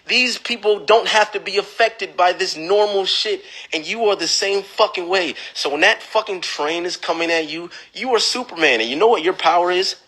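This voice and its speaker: A man on a livestream giving blunt, profane advice, lecturing the viewer and mocking others in a whiny high voice. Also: moderate pace, hardly any pauses, sharp tone, poor audio. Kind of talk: instagram live rant. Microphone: phone.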